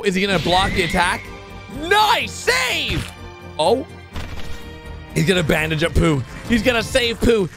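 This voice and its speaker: A man hosting a reaction video, commenting excitedly with sudden high yelps and constant exclamations. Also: vocal fry.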